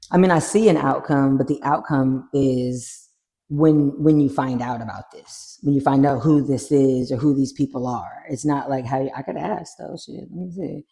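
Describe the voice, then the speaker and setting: A tarot reader chatting casually through a card reading, animated and swearing freely. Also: medium pitch. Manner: animated, swears freely, acts out little scenes.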